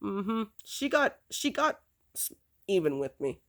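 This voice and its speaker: A woman telling a personal story in a rambling, halting way, chuckling now and then. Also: mid-range voice, sing-song, fairly bright tone.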